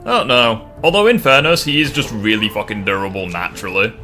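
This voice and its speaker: Bright-voiced casual male streamer. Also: fairly low pitch, fast talker, soft background music. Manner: casual, swears freely, stammers on restarts. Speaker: streamer host. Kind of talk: casual gaming stream debate.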